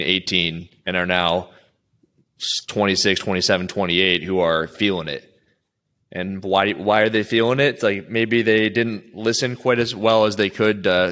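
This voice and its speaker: A man's voice: low voice, fairly bright tone. A man coaching and interviewing an athlete in a casual chat, rambling and restarting his sentences often.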